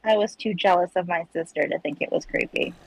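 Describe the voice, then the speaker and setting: A woman's voice: fairly low pitch, fairly quick, creaky, slightly rough, rough recording. A woman chatting casually on a live stream while she draws, telling stories and acting out her own quoted lines. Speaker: streamer co-host. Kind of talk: casual chat while making art.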